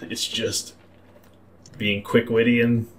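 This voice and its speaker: A man narrating a tabletop role-playing game as game master, describing scenes in a halting, repeating way. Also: mid-range voice, little pitch movement.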